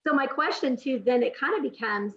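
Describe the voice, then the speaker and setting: A woman's voice: high-pitched, expressive, a little fast, fairly bright tone, a little hiss or hum. A woman hosting an interview, asking long rambling questions full of fillers. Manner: rambling, many fillers while framing questions. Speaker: interview host. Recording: dull lo-fi audio.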